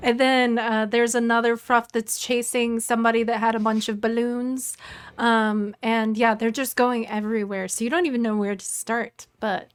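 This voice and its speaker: A woman's voice: on the high side, flat delivery, normal speed, clean tone. A woman running a tabletop game as game master, narrating chaotic scenes in a playful, rambling way with many fillers.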